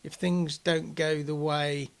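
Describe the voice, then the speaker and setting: Brief: man, podcast co-host, a touch high-pitched, muses aloud with pauses and ums. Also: little pitch movement, gravelly, clear, resonant tone. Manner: reflective, hesitant, many fillers. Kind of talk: casual podcast chat.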